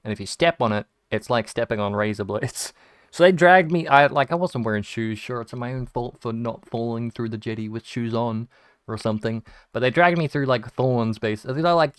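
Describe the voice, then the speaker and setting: Rambling Australian young man, crisp dry voice. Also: medium pitch, a little fast, no room sound. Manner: rambling, swears freely, frequent restarts and "like". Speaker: video game streamer. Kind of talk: casual storytelling while gaming.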